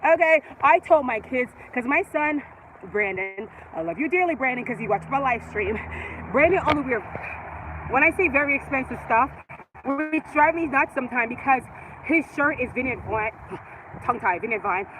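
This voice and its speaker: A woman's voice: sits high, lively intonation, normal speed. A woman in her forties with a Jamaican accent, chatting casually and rambling on a live stream while she walks outdoors, laughing often. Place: outdoors on a residential street. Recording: outdoor street noise with passing traffic.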